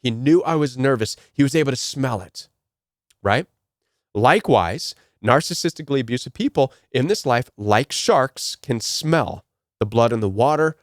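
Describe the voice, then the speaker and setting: A man's voice: medium pitch, lively intonation, moderate pace, dry recording, studio quality. Earnest man telling a cautionary story. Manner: earnest, repeats key phrases, frequent "right?". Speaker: self-help speaker. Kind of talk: storytelling motivational talk.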